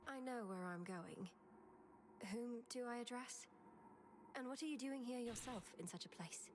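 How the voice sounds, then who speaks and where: A woman's voice: a little high, normal speed, a little mellow, slight background noise, close to an everyday voice. An actress playing a determined young witch in a video game, speaking in a terse, guarded way.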